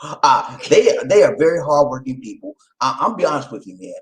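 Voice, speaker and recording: A man hosting his own video channel, talking casually straight to his viewers, shouting out names and preaching about community. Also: medium pitch, very animated, a little fast, low-quality recording. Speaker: vlog host. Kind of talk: casual direct-to-camera chat.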